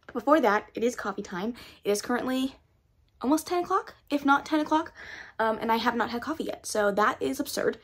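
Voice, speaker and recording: A young woman talking casually to the camera at home about the books she is reading, animated and self-deprecating. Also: on the high side, normal speed, husky, no echo. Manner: chatty, animated, self-deprecating with bursts of loud excitement. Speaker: book vlogger. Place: her home.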